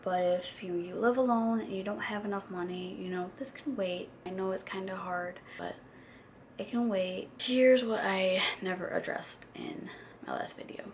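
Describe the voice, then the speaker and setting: Woman in her twenties, casual vlogger, gravelly fry, candid and chatty, faint noise behind. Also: medium pitch, normal speed. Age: 20s. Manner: candid, chatty, many fillers. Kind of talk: casual confessional chat to camera.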